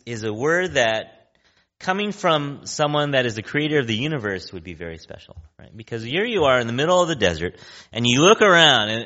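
A man's voice: mid-range voice, sharp tone, dull audio. A male pastor preaching a sermon in a conversational way, often checking in with listeners by asking "right?".

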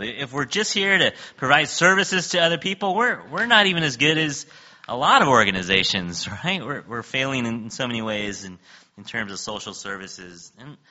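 A man delivers a conversational sermon with a very bright, edgy tone and a lively, swooping pitch. He jokes, laughs often and acts out scripture dialogue with big jumps in pitch. The recording sounds dull and lo-fi. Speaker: pastor.

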